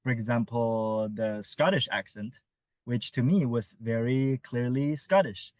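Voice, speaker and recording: A man, a research fellow, answering audience questions in an online webinar in a thoughtful, measured way with many filler sounds. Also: mid-range voice, darkish tone, dry recording.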